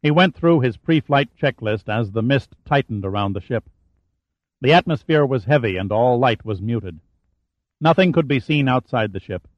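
A man giving steady, measured scripted narration of a thriller audiobook. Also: medium pitch, no room sound. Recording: dull, dry audiobook recording.

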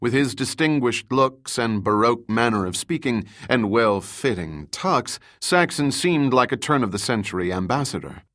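A man narrating an audiobook in a measured, descriptive reading. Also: medium pitch, lively intonation, a bit bright.

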